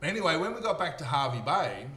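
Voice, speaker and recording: A man's voice: on the high side, fast talker. Australian man telling a story in an echoey room. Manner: animated, acts out quoted voices. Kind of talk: casual storytelling monologue. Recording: echoey room with faint hum.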